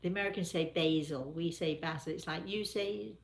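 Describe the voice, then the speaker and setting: A chatty English woman hosting a relaxed live chat, quick to laugh between answers. Her voice sits at an ordinary middle pitch and rings in a noticeably echoey room. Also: creaky, slight background noise. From England. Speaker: host.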